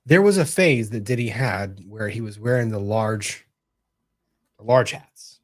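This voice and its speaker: A man's voice: fairly low pitch, a little slow. A man hosting a casual online legal panel chat over a video call, wry and joking. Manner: wry, joking, talks to his dog in a soft voice. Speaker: show host.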